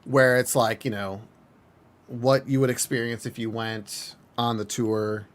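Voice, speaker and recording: A man's voice: medium pitch, little pitch movement, a little slow. A man from the UK hosting a casual gaming chat with friends, offhand and chatty. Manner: offhand, says things in put-on accents. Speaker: channel host.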